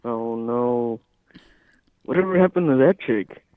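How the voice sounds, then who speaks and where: A man's voice: mid-range voice, lively intonation, unhurried, no room sound, phone-quality sound. A man appearing as a podcast guest, laughing along and teasing with short replies. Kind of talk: casual chat.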